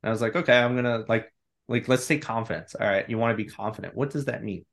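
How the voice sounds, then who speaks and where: Candid, animated man telling a story. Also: mid-range voice, quick pace, gravelly. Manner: candid and animated, acts out his own inner voice. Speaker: podcast guest. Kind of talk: casual storytelling.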